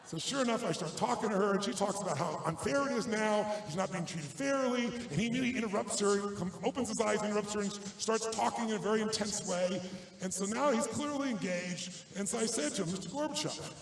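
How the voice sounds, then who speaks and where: Intense, high-pitched man addressing a hall. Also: fast talker, vocal fry. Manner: intense, emphatic, punchy repetition. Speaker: motivational speaker. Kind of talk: seminar storytelling to a live audience. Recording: roomy hall with faint noise.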